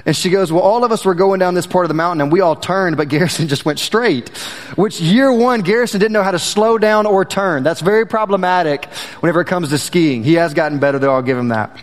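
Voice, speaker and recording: High-voiced man preaching in a reverberant hall. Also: fast talker. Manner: folksy storytelling, addresses listeners as y'all. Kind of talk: sermon with a personal story.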